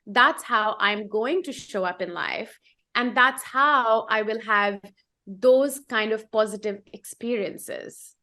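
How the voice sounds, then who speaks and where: A woman's voice: a little high, takes it slowly, pushed and bright. A woman co-hosting a casual coaching chat, explaining in an earnest way and repeating phrases for emphasis. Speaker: co-host.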